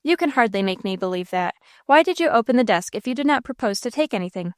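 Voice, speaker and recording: Cold scheming gentleman villain, read by a woman, cool and stern, sneering, fairly high voice, dry close sound, audiobook. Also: lively intonation, fast talker, dry recording, close to an everyday voice. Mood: cold, probing.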